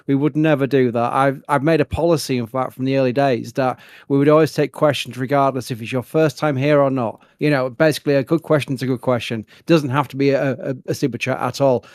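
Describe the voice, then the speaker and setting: Fast-chatting Yorkshire man hosting a livestream. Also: medium pitch, darkish tone, no room sound. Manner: chatty, reads chat messages quickly. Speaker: livestream host. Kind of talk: casual live commentary.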